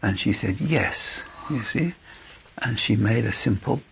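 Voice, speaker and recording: A man's voice: fairly low pitch, moderate pace, gravelly, slight background noise. A man teaching a church group how to share their faith, earnest and anecdotal, acting out both sides of conversations. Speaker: lay preacher teaching evangelism. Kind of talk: instructional church talk.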